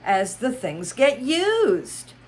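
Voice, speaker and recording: A woman doing a high, sing-song mad hatter. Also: wildly swooping pitch, very slow, darkish tone, exaggerated voice. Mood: whimsical. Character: eccentric riddling male hatter, mournful and boastful.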